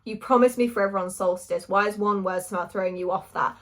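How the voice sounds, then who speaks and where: A woman's voice: mid-range voice, quick pace, fairly bright tone, natural voice. A woman reading the lines of a frustrated male warrior, insistent and exasperated.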